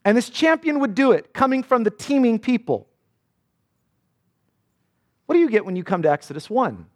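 Male pastor, lively high-pitched sermon delivery, dramatic scripture reading. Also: moderate pace. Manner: animated preaching, voicing scripture dramatically.

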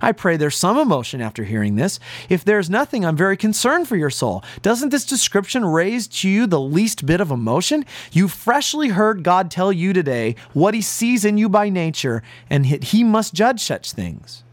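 Male preacher, earnest and emphatic, animated delivery, dry recording. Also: high-pitched, normal speed, few pauses, no echo. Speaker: pastor. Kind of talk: sermon. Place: broadcast to listeners at home and on the road.

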